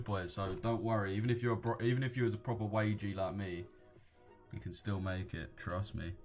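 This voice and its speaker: Young guy on a trading livestream, lowish voice, slangy laddish banter, bit of music behind. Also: darkish tone. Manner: slangy, laddish, addresses chat as boys and mate. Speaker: live-streaming forex trader. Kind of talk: casual live-stream chat with viewers.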